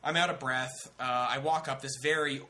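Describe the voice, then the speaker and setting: A young man telling a story on a comedy talk show in a casual, animated, profane way. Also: medium pitch, a little fast, slight background noise. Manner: animated, profane, acts out other people's voices.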